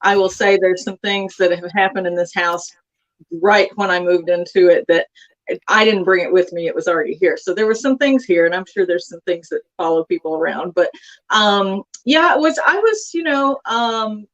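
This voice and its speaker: A woman's voice: mid-range voice, moderate pace, lo-fi sound. A woman from Texas, a guest author, chatting casually in an interview with many fillers and asides.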